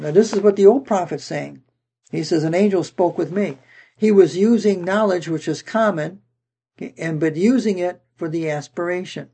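A man's voice: high-pitched, moderate pace, vocal fry, mellow, breathy edge. A man teaching the Bible verse by verse, reading passages aloud and then explaining them with frequent "okay"s.

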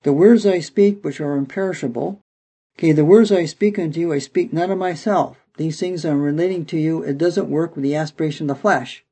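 Gravelly, husky man preaching. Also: a little high, brisk, warm tone, rough recording. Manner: reads scripture aloud and comments, repeating "okay". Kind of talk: Bible teaching sermon.

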